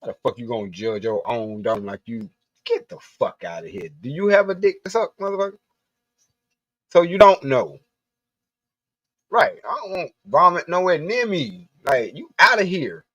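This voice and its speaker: A man's voice: fairly high pitch, lively intonation, normal speed, pushed and bright, no room sound, muffled recording. Blunt, profane man ranting. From Southern US. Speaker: livestream host. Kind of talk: casual ranting monologue.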